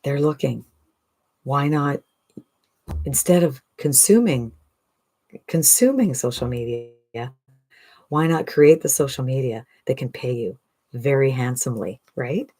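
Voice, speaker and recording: A woman in her sixties giving an enthusiastic, persuasive direct-to-camera sales pitch as an online business coach, often asking "right?". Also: lively intonation, a little slow, pauses often, mellow. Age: 60s.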